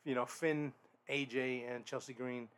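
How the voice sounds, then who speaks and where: A man hosts a podcast, talking through a wrestling show on his own in a loose, rambling way. His delivery stays fairly level and flat in pitch, with many restarts and blunt, sweary asides. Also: a little slow, clear, resonant tone. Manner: rambling, frequent restarts and fillers. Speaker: podcast host. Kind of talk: casual solo wrestling review.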